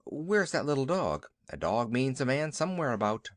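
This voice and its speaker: A man's voice: mid-range voice, very animated, moderate pace, no room sound, clean studio sound, close to an everyday voice. A man voicing a proud male cavalry troop horse with a clipped, haughty manner.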